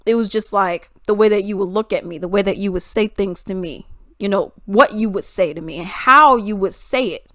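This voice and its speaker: A woman's voice: medium pitch, normal speed, a bit bright, dry recording. Emphatic young woman vlogger, dry sound. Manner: emphatic, with rhetorical questions. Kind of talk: opinionated commentary monologue.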